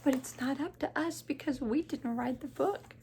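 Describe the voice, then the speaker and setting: A woman teacher reading a picture book aloud to children, gently pointing things out and asking them questions. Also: sits high, moderate pace, a little hiss or hum. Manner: gentle, questions and asides to young listeners.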